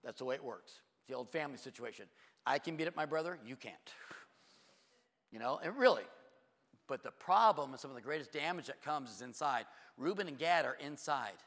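A man preaching a sermon as pastor, telling a story with animated energy and acting out both sides of conversations. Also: mid-range voice, fairly quick. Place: church sanctuary. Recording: long church hall reverb.

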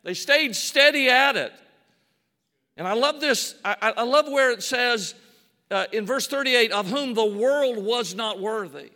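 A man's voice: very high voice, expressive, a little slow, sharp tone. A man preaching a sermon in a church. He acts out scripture scenes in quoted voices and repeats words to build emphasis. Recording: long hall reverb.

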